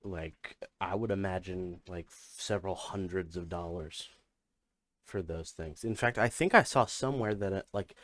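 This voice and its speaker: A man's voice: low-pitched, normal speed, fairly bright tone, no room sound. A young man co-hosting a podcast, talking in a rambling, casual way with many fillers and restarts. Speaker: podcast co-host. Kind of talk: casual chat.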